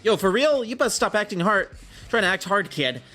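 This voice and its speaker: A man's voice: sits high, expressive, brisk, pushed and bright, soft background music, voice pushed up. A man voicing a brash young male street punk from a game, with swaggering, slangy taunts. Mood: taunting.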